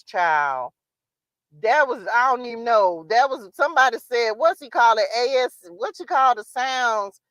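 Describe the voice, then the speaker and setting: Brief: chatty woman tarot streamer, higher voice, laughs often, dry close mic. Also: no echo. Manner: animated, laughing, chatty, addresses viewers as y'all. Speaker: tarot reader and livestream host. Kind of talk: casual livestream chat.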